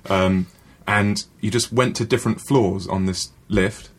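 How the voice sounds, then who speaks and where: Husky, deep-voiced man. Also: fairly even intonation, unhurried. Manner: rambling, hesitant with many ums. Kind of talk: casual panel chat.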